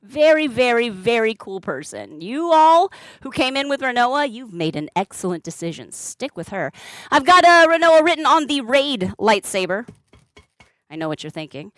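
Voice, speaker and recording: Lively high-voiced woman streamer chatting. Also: normal speed, no echo, studio quality. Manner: chatty, greets and thanks viewers by name; rambling with many fillers and restarts. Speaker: live streamer and balloon artist. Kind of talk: casual live-stream chat while crafting.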